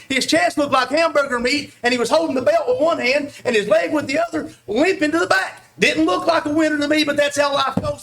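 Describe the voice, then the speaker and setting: Brief: high-pitched man, aggressive trash-talking wrestler, loud heated rant. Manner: aggressive, shouting, taunting.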